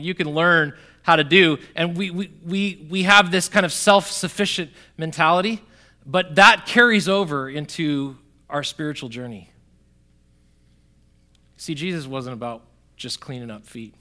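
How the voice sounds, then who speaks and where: A man preaching with a bright, ringing voice that sits a little high for a man. He talks straight to his congregation in a conversational way. He swings from loud emphatic bursts to quiet, soft lines. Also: normal speed. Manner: conversational, addresses the congregation directly. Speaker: pastor. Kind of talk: sermon.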